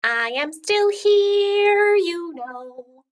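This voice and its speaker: A woman's voice: sits high, sing-song, slow, heavily acted. A woman doing a sing-song mysterious creature. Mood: sing-song teasing.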